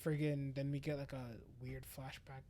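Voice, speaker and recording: A young adult man co-hosting a podcast, excitedly retelling an episode in casual chat and slipping into quick paraphrased lines for the characters. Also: medium pitch. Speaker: podcast co-host.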